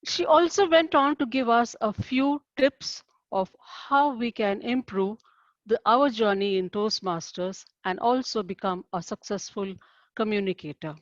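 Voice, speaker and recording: Higher-voiced woman giving a speech evaluation. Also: no echo, highs cut off. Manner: measured, formal and encouraging feedback. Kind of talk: formal speech evaluation at a club meeting.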